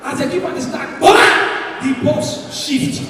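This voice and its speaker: A Nigerian man performs stand-up in a big venue, his very high, animated voice bouncing around a long, echoing hall. He sounds far from the mic. A lively crowd murmurs behind him, over a steady hiss. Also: a little slow. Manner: loud, animated, drops into pidgin. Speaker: stand-up comedian. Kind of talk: stand-up comedy routine. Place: large indoor comedy venue.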